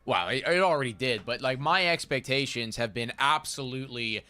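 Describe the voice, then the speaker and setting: A man's voice: mid-range voice, brisk, sharp tone, smooth. A man co-hosting a casual sports chat, talking earnestly and leaning on stock phrases and fillers. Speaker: co-host.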